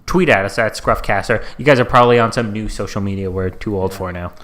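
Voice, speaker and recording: A man's voice: fairly low pitch, quick pace, a bit bright. A young man co-hosting a casual podcast, sarcastically reading tweets aloud and joking with his co-host. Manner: sarcastic, reads tweets aloud in mocking tones.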